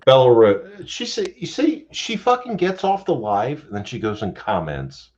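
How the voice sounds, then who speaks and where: Hosting a laid-back late-night livestream, this man talks at normal speed in a medium-pitched voice with big pitch swings. He chats with guests, rambling and cursing without restraint, and the audio is dull and lo-fi with a faint hiss.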